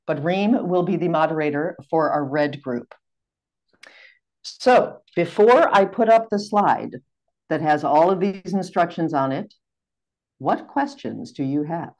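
Low-voiced American woman leading a seminar. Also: expressive, a little mellow. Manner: measured, clear, courteous. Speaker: seminar facilitator. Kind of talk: giving instructions on a video call seminar.

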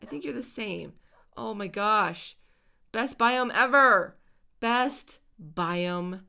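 A woman hosts a video game let's-play, talking through her play with a lot of energy. Her voice is bright and sharp, and her pitch swings widely from low to high. She keeps chattering and squealing at the pets she finds. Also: animated, slow, gravelly, smooth. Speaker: host.

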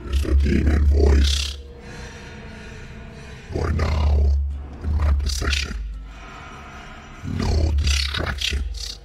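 A man voicing a gloating male demon through a voice changer, gravelly and drawn out. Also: drawn-out words, pauses often, music in the background. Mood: menacing. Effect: voice changer demon filter.

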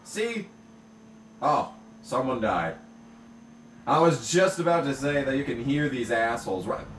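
A man giving let's play commentary while racing, ranting and swearing, now and then bursting into shouts at the game. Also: mid-range voice, expressive, a little slow, reverberant, distant mic, slight background noise. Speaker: gamer commentating his own play.

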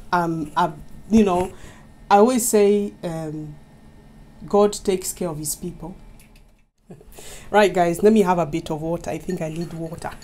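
A woman's voice: on the low side, a little mellow, slight background noise. A woman from Kenya talking casually to her viewers in a vlog, chatty and often laughing as she keeps addressing them directly. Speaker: YouTube vlogger. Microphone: mic set up in front of her.

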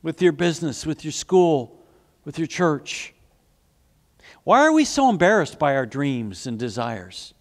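A man's voice: a little high, very animated, a little slow. A man preaching a sermon as pastor, telling stories earnestly and asking the congregation questions. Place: church sanctuary. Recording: long hall reverb.

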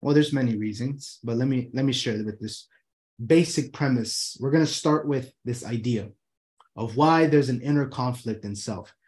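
A man hosts his own talk show from his room, chatting casually and animatedly, swearing freely and acting out people's inner thoughts. His mid-range voice is a little mellow and moves at a moderate pace.

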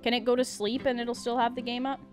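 Young woman, gaming streamer, casual commentary, laughs a lot, fairly high voice, faint music behind. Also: flat delivery, quick pace. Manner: laughs often, yells at the game.

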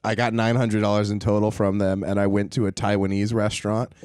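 Chill comedian guy telling stories, lowish voice, dry close mic. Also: flat delivery, a little fast, a little mellow, clear, resonant tone, dry recording. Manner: laid-back storyteller, laughs often. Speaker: comedian and filmmaker guest. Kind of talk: casual comedic chat.

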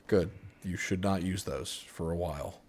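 A man with a somewhat low voice talks casually through a game stream. He jokes a lot, reads game text aloud and drops quick asides to his co-host. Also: a little mellow, slight background noise. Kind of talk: casual gaming chat.

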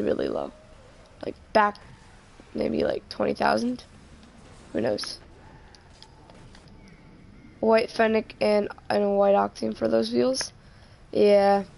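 A woman's voice: medium pitch, vocal fry. A woman streaming a game live, chatting casually and joking, often trailing off mid-sentence.

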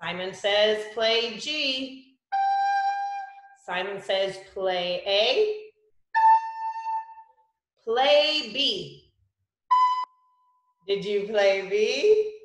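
Slow, patient woman music teacher. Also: medium pitch, animated, echoey room. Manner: slow, clear, patient instructions to children. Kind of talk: children's music lesson.

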